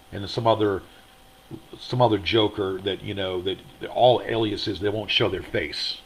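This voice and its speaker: Man, lowish voice, show host, angry livestream monologue, rambling, repetitive, aggrieved. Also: a little hiss or hum, low-quality recording. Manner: rambling, aggrieved, repeats himself. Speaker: host of his own online show. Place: motel room.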